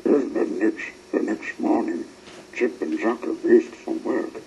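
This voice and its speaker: A man narrating a children's story in a slow, expressive reading. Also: lowish voice, vocal fry. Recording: muffled lo-fi recording with faint hiss.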